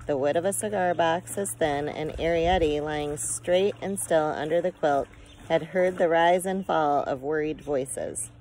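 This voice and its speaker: A woman narrating a children's storybook chapter aloud in a calm, measured way. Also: low-pitched, a little hiss or hum, poor audio. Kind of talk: audiobook narration.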